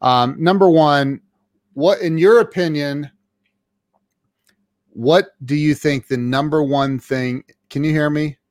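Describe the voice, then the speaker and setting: A man hosting a podcast interview, eager and halting, often repeating words as he starts a thought. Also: fairly high pitch, no room sound, studio quality. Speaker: podcast host. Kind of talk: casual interview chat.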